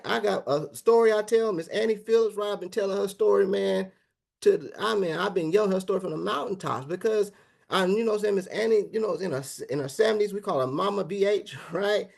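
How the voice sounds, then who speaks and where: A man with a high, gravelly voice delivers an energetic motivational business pitch to an online audience. He keeps it casual, tossing in "man" and "guys," and punches each point with a quick "right?". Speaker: business presenter. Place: online video meeting.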